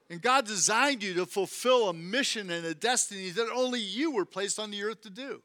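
A man preaching a sermon as a guest speaker, animated, repeating phrases for emphasis and calling on the congregation to respond. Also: sits high, brisk, few pauses.

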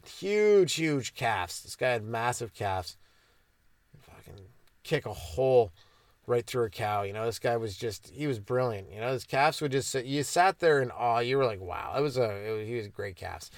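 Rambling comedian, dry sound. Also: male voice, mid-range voice, lively intonation, normal speed, no echo. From Ontario, Canada. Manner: meandering, self-interrupting, crude and ironic. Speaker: comedian podcast host.

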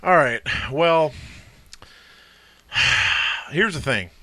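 A man's voice: mid-range voice, lively intonation, drawn-out words, bright, forceful tone. A man hosting a podcast, passing turns around and teasing the others. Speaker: podcast host. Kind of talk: casual comedic chat.

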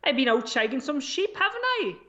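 A man's voice: very high voice, sing-song, a little fast, sharp tone, muffled recording, voice pushed up, full character voice. A man putting on a crude, boastful Welsh man in a put-on Welsh accent, swearing and ending lines with rising tags.

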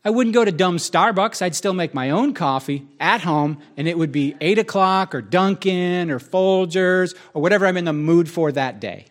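A man's voice: sits high, moderate pace, few pauses. A man preaching a sermon in a conversational, joking way, with asides to the audience.

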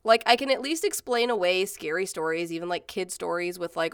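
A woman's voice: on the low side, a little fast, few pauses, fairly bright tone, no room sound, studio quality. A woman in her thirties telling stories in casual chat, rambling with many fillers and swearing freely. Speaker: podcast co-host.

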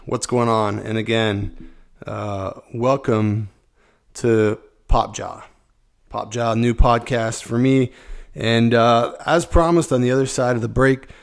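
A middle-aged man hosting a podcast, hoarse from a cold and sounding rough as he rambles casually. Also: mid-range voice. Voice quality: rough, gravelly. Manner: rambling, stream of consciousness. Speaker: podcast host. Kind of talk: casual solo podcast chat.

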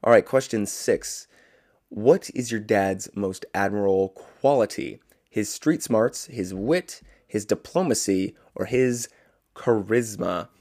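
Young man, podcast host, lowish voice, casual rambling chat, self-amused. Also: takes it slowly, a little mellow. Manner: chatty, rambling, self-amused with frequent fillers.

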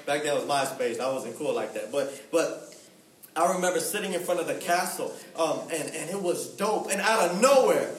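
A young man preaching in a lively, slangy storytelling style, acting out the voices of the people in his story. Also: a little high, moderate pace, a little hiss or hum. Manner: animated, slangy, acts out voices. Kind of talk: storytelling sermon. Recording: echoey room, mic at a distance.

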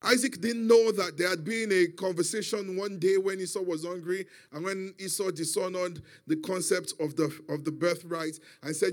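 A man's voice: sits high, fairly even intonation, normal speed, few pauses. A man preaching a sermon, emphatic and calling out for responses from his listeners.

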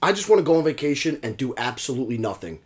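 A man's voice: medium pitch, big pitch swings, racing. A man in casual chat, giving his blunt opinions and venting about everyday annoyances. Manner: opinionated, ranting.

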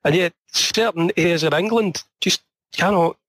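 A man's voice: high-pitched, moderate pace, fairly bright tone, dry recording. A man with a Glasgow accent, an author chatting in an interview, rambling and telling stories, his voice tiring and slightly strained. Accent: Scottish, Glasgow. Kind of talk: casual conversation.

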